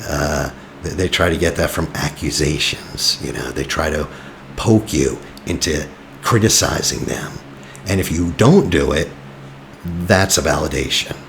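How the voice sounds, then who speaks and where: A man with an extremely low, gravelly voice gives relationship advice in a loose, conversational way. He is blunt and a little teasing, peppering his points with "you know". A faint hiss sits under the voice. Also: measured pace, a bit bright. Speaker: attachment coach. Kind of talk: casual advice talk.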